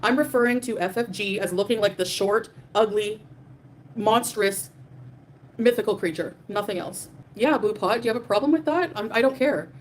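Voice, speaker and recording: A woman's voice: mid-range voice, moderate pace, a little hiss or hum. A young adult woman hosting a livestream, ranting defiantly and profanely at her chat, with many fillers. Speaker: livestream host. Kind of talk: livestream rant reading super chats.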